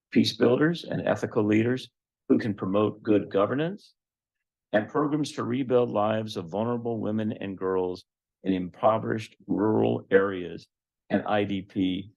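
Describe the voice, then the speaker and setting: A man hosting a lecture event, giving a measured formal introduction of a guest speaker with light humorous asides. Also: on the low side, gravelly, darkish tone, husky, dull audio.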